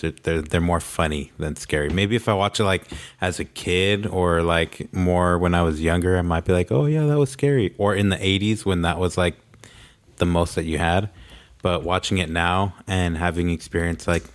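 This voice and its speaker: A young man co-hosting a podcast, chatting casually in a laid-back, rambling way full of "like"s. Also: low-pitched. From Mexican-American upbringing. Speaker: podcast co-host. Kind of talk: casual chat.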